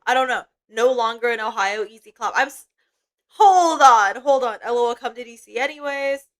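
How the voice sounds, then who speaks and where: A young woman chats casually on a livestream while eating, her slightly high voice moving at normal speed. She rambles and swears freely with plenty of fillers. The audio is low quality, picked up by a desk mic.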